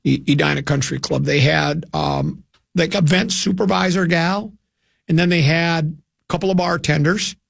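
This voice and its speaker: A man's voice: fairly high pitch, moderate pace, creaky, no room sound, studio quality. An older man from hosting a radio show, telling a rambling, self-mocking anecdote with many restarts. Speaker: radio host.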